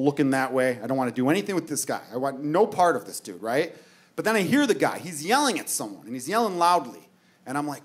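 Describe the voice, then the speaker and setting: Brash, fast-talking male stand-up comic. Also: mid-range voice. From United States. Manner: brash, profane storytelling with audience asides. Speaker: stand-up comedian. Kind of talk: stand-up routine.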